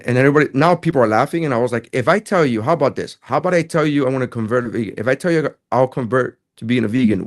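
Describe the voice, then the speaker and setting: Male comedian, podcast co-host, quick casual storyteller who acts out quotes. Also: mid-range voice. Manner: animated, acts out dialogue in quotes.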